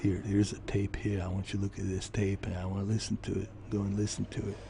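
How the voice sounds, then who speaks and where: A man voicing a gruff Texan father figure in a low, quiet drawl. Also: completely flat delivery, fast, slight background noise. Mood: stern.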